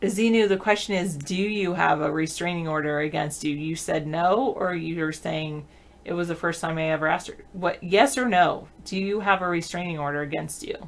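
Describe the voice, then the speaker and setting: A woman's voice: fairly low pitch, steady tone, normal speed. A woman co-hosting a casual talk show, giving playful dating advice and acting out quoted lines. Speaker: co-host.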